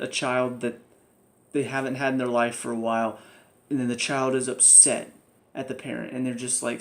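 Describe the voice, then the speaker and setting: A man's voice: medium pitch, a little mellow. Frustrated man ranting about TV. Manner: frustrated, ranting, mocking characters in quick put-on lines. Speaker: TV review vlogger. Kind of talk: casual spoken review.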